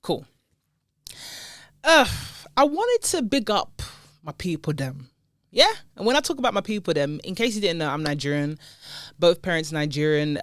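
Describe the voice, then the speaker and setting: Lively, playful woman podcast host. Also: low voice, no echo, clean studio sound. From United Kingdom. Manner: chatty and playful, laughs often, uses slang. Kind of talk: casual podcast chat. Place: seated indoors. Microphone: podcast microphone.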